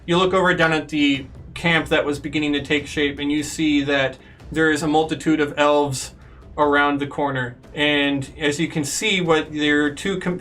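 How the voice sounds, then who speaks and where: Bright-voiced male game master. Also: fairly high pitch, far from the mic. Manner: loose, filler-heavy narration. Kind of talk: narrating a tabletop game.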